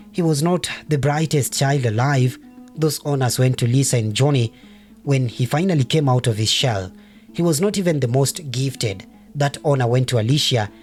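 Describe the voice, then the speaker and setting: A man narrating a novel as an audiobook, in a measured, steady storytelling voice. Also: mid-range voice.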